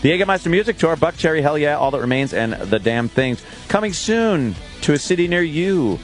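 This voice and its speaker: A man's voice: fairly high pitch, very animated, fairly quick, soft background music. A man hosting a talk radio show, doing a live ad read and bantering in a brash, jokey way.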